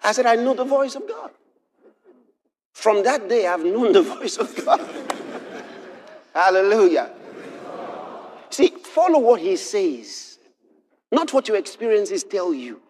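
A man preaching a sermon, moving from quiet storytelling to shouted exhortation. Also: sits high, big pitch swings, takes it slowly, long pauses, a little hiss or hum. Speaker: pastor.

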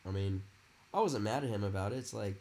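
A man's voice: on the low side, fast, a little mellow, slight background noise. A man who is a guest on a podcast, chatting casually about a fantasy league and rambling with lots of "it's like" and "you know". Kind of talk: casual fantasy football chat.

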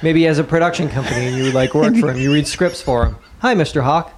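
A man's voice: a little high, quick pace, slight background noise. A man co-hosting a podcast, riffing sarcastically and swearing in casual chat. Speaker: podcast co-host.

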